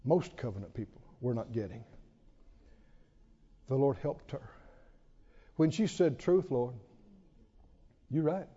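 A man preaching a sermon in an animated, storytelling way, often chuckling. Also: medium pitch, measured pace, long pauses, husky, in a large hall, dull audio.

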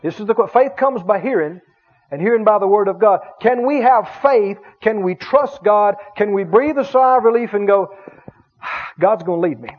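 A man's voice: high-pitched, normal speed. A man preaching a sermon as a pastor, with emphatic delivery that stretches out key words and calls the congregation to respond. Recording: dull lo-fi sermon recording.

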